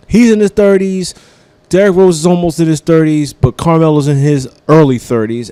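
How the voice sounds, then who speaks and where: A man's voice: a little high, mellow, dry recording. A man hosting a comedy radio show, giving a casual, profane sports rant like a devoted fan.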